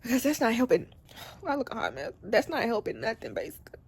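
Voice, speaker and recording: A woman's voice: fairly high pitch, huge pitch swings, quick pace, vocal fry, husky. A young woman, talking to camera at home through tears, rambling and confiding in her viewers. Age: young adult. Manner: tearful, rambling, speaks straight to viewers. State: crying on and off. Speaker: vlogger. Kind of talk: emotional confiding chat to camera. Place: at home, indoors.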